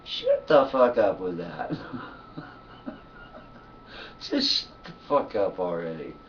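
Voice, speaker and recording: A man's voice: low voice, animated, slow pace, recorded from a distance, dull audio, slight background noise. A man talking to his camera in a loose, profane monologue, sleepy and yawning, laughing often between thoughts. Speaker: vlogger. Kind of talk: casual rambling monologue.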